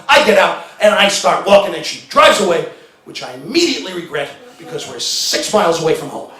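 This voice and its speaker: Middle-aged stand-up comic, high lively voice, animated storytelling, echoey live room. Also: male voice, brisk. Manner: animated storyteller, acts out shouting arguments. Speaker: stand-up comedian. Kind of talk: stand-up comedy routine. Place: stage before a live audience. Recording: roomy live venue sound.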